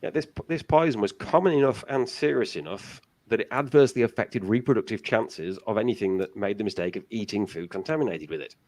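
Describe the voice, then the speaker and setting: Animated man explaining at length. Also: on the low side, a little fast, hardly any pauses. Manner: lively, long explanations with frequent restarts. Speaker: guest. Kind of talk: casual explanatory chat.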